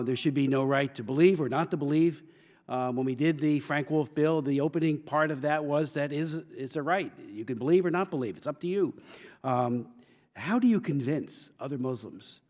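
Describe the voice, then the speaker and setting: A congressman puts questions to witnesses at a hearing, pausing often on fillers. His voice sits in a mid range. The large hearing room gives it a long, echoing reverb. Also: mid-range voice, darkish tone. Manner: halting, with many fillers.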